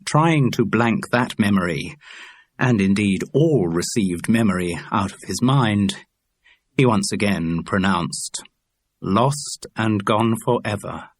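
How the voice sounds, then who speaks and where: A low-voiced man narrating an audiobook in a measured, dry way. His tone is husky, and the recording is close and dead with no room sound. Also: expressive, dry recording. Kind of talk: scripted narration.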